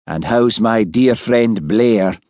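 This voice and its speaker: A man voicing an easygoing, shrewd Highland village policeman who talks calmly and wryly. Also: takes it slowly, no echo.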